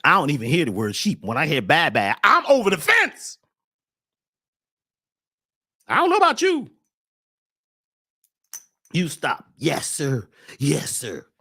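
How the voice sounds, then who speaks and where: A man hosting a spiritual talk show, preaching with fire, shouting at times and then dropping to a hush. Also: on the high side, huge pitch swings, measured pace, long pauses. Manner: preachy, swings from shouting to hushed. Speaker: host.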